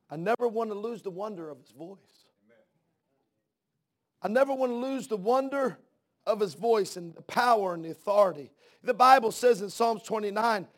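Male preacher, high voice, sermon style, soft-to-loud fervent delivery, repeats words mid-build. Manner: swings from soft hush to loud fervent outbursts. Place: church.

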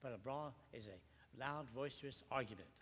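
An older man giving an emotional personal testimony at a church gathering, speaking haltingly and often repeating his words. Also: medium pitch, a bit bright, slightly rough. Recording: reverberant hall, faint background noise.

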